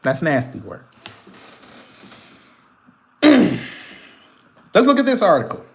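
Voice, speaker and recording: Male streamer, higher register, animated and profane, laughs a lot, reads news and argues with chat. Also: very slow, creaky. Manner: animated, profane, laughs often, talks straight to viewers. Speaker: commentary channel host. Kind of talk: live commentary reading news and answering chat.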